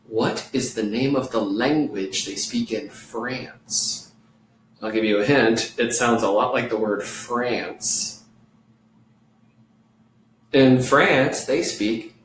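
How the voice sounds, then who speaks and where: A man teaching a children's music lesson, playful and clear, singing along with his guitar. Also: mid-range voice, a bit bright, slight background noise. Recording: echoey room, mic far off, guitar playing.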